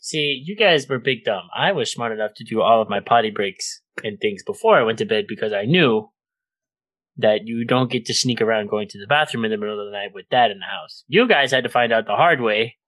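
A man's voice: medium pitch, expressive, brisk, a bit bright, rough recording. A man telling a family story to his siblings in a casual chat, swearing freely and acting out the quotes.

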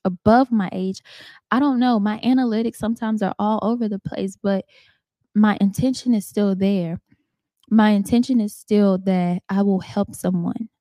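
Mellow-voiced woman podcast host, chatty. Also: medium pitch, no echo, clean studio sound. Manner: chatty, addresses listeners as "y'all"; storytelling, earnest and faith-filled. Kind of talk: casual heartfelt monologue.

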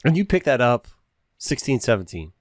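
A man hosting a casual interview, thinking aloud with halting phrasing. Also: medium pitch, very animated, no room sound, studio quality. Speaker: interview host.

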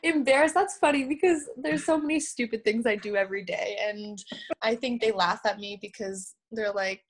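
A young woman from Canada, a pole vaulter and podcast guest, telling lively stories and laughing often. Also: on the high side, normal speed. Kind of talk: podcast interview storytelling.

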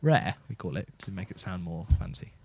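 A man co-hosting a comedy podcast, offering absurd explanations with a deadpan delivery. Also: low voice, a little fast, slight background noise. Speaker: podcast co-host. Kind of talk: casual comedic chat.

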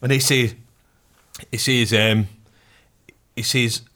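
A man with a mid-range voice speaks slowly while telling a sweary anecdote in casual chat. He animates the story by acting out the voices of the people involved and laughs often.

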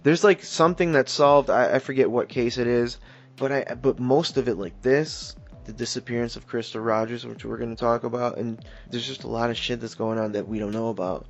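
A man's voice: mid-range voice, steady tone, fairly quick, dull audio. A man hosting a casual true-crime podcast, talking loosely with plenty of swearing and reading articles aloud with offhand asides. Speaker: podcast host.

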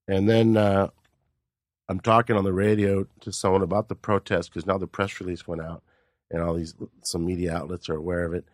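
A man's voice: low voice, fairly even intonation, fairly quick, dry recording, studio quality. A man, a stand-up comedian guest on a podcast, telling a profane, rambling story with lots of laughter. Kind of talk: casual storytelling chat.

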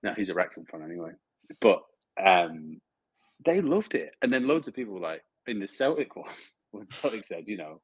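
A man co-hosting a football podcast, telling animated stories and mimicking fans. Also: fairly quick, husky, no room sound, rough recording. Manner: animated storyteller, mimics fans in high voices, swears. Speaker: podcast co-host. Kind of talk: casual football chat.

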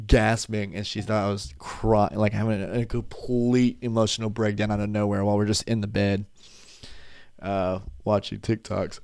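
A man's voice: on the low side, level tone, moderate pace, smooth, no room sound. Drowsy, rambling young man in his twenties. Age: 20s. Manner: rambling, tangent-prone, drowsy and yawning. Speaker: vlogger. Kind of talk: casual rambling monologue. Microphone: desk microphone.

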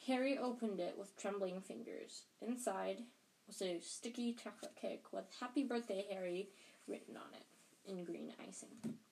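A woman with a gravelly, darkish, medium-pitched voice reads a children's novel aloud at normal speed for her podcast, with slight background noise. As both audiobook reader and podcast host, she keeps it casual, plain, and unpolished, restarting frequently.

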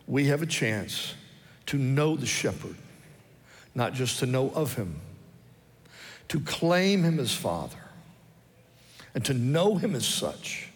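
A man's voice: medium pitch, very animated, unhurried, pauses often. A male pastor preaching a sermon earnestly and repeating his key phrases for emphasis. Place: church sanctuary. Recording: long reverb of a church hall.

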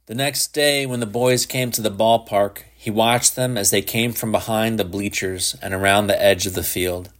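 A man reading a literary short story aloud in a measured, even narration. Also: fairly low pitch. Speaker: audiobook narrator.

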